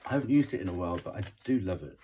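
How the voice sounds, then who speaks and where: A British man with a croaky voice, rambling and chuckling as he gives a casual oracle card reading. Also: deep voice, lively intonation, very fast, background noise. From Britain. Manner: rambling, chuckling between thoughts.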